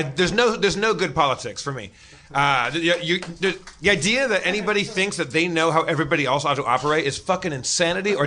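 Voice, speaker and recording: A man's voice: a little high, bright, forceful tone. Rambling, profane man telling stories. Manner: rambling, profane, stammering restarts. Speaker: podcast regular. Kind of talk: live comedy podcast storytelling. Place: live show on stage.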